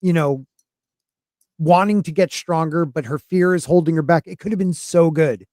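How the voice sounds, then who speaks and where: A man's voice: on the high side, normal speed, darkish tone, no echo, studio quality. A man co-hosting a podcast, chatting loosely about anime with lots of restarts. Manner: rambling, chatty, frequent restarts. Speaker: podcast co-host. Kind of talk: casual chat about anime.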